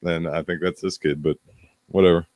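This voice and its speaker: A man in his thirties with a low voice tells a blunt, profane story in casual podcast chat. He is recorded dry and close on the mic. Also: steady tone, normal speed, a little mellow, no echo. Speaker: podcast co-host, bar manager.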